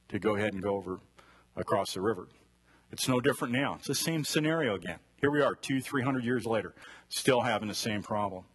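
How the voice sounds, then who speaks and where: A man's voice: medium pitch, fairly bright tone, husky. A man teaching a conversational Bible study sermon and asking his listeners direct questions. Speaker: preacher.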